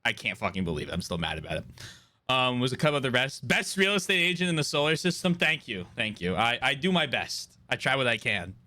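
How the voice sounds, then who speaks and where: A man's voice: medium pitch, quick pace. A man in his twenties chatting casually on a live game stream, telling stories with lots of swearing and laughter. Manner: animated storyteller, swears and laughs often.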